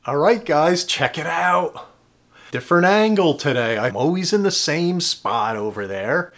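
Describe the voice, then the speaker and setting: A man from New Jersey hosts a reef tank hobby video from his indoor tank studio, chatting casually with viewers, calling them "guys," and answering their questions. His voice is a little high and a bit bright, with lively intonation and an unhurried pace. Faint music plays behind him.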